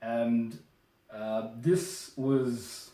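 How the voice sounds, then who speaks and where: A young man with an Australian accent talks through slang in a playful, mock-formal way. His voice sits at an everyday middle pitch. The room rings around him and he sounds set back from the mic. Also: drawn-out words, warm tone. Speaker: co-host. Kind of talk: casual explainer chat. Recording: roomy, distant mic.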